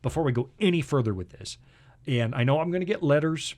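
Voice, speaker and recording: A man's voice: fairly high pitch, fast talker. A man hosting a casual Bible talk show, joking around and then lecturing firmly on history and scripture. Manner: jokey, lively storyteller who lectures with conviction. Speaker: host.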